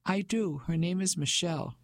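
A pompous businessman in his fifties who blusters and talks down to his wife, voiced by a man reading the audiobook. His voice is a touch high with a gravelly fry. The sound is dry and close. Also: normal speed, fairly bright tone, no room sound. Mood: patronizing. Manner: blustering, patronizing. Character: pompous fifty-five-year-old English businessman husband. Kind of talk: audiobook character voice.

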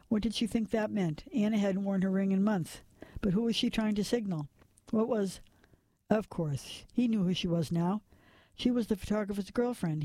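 A man reading a dark crime story as a measured narrator, sometimes dropping to a whisper at tense moments. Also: sits high, dry recording. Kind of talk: scripted noir narration.

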